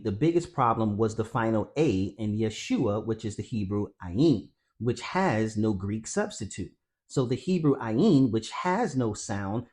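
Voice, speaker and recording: A man's voice: medium pitch, darkish tone. A man giving a scripted Bible teaching narration, explaining carefully and calling his viewers family. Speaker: Christian teacher.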